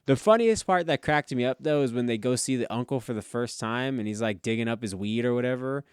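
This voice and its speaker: Smooth-voiced casual podcast guy. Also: mid-range voice, brisk, dry recording, clean studio sound. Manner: laid-back, swears a lot, acts out TV scenes. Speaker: podcast co-host. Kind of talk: casual chat.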